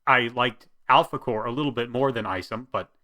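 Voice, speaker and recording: Bright-voiced man giving measured critique. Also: mid-range voice. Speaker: commentator, stage actor. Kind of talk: commentary vlog.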